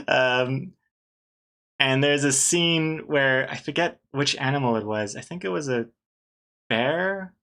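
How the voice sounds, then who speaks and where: A man's voice: mid-range voice, takes it slowly, pauses often, bright, forceful tone. A man casually chatting on a live art stream while he draws, rambling, trailing off and laughing often. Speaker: artist streaming while drawing.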